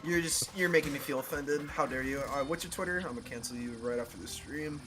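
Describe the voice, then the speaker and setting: A man's voice: mid-range voice, fast, background noise. A twenty-one-year-old man chatting as a guest on a live stream, in a rambling, hesitant way. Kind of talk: casual voice-call chat.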